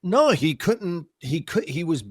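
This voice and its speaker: A man's voice: on the high side, measured pace, breathy edge, dry recording. A man with a somewhat raised voice tells stories on a podcast, acting out what each person said and tripping over his words as he restarts sentences. The sound is dry and close, with no room around it. He keeps a casual, conversational flow. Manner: animated storyteller who acts out both sides of dialogues; frequent stammered restarts. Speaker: podcast co-host.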